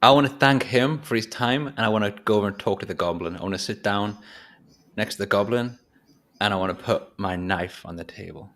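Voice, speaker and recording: A man's voice: lowish voice, a little fast, a bit bright. A man playing a tabletop role-playing game in a casual, playful way. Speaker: player.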